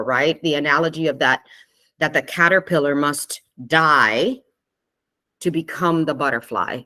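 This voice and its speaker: A woman giving a spiritual talk to a live online group, gentle and conversational, often checking in with her listeners and laughing easily. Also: low voice. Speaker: spiritual teacher hosting a live online session.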